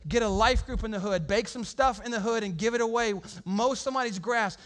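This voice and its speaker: A male pastor preaching a conversational sermon in church, acting out quotes with lively swings of voice. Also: high-pitched, a little fast. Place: church sanctuary.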